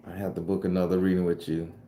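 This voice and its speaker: A low, dark voice with flat delivery comes at a quick pace, with slight background noise. This southern Florida tarot reader and channel host has a Southern US accent and casually responds to livestream chat in loose, profane slang. It's recorded in an echoey room.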